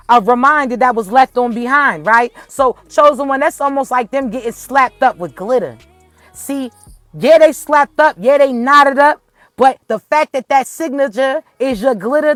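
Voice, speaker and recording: A woman's voice: high voice, a bit bright, no echo. Blunt swearing woman preaching to viewers. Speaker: spiritual reader. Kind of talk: casual spiritual message to viewers.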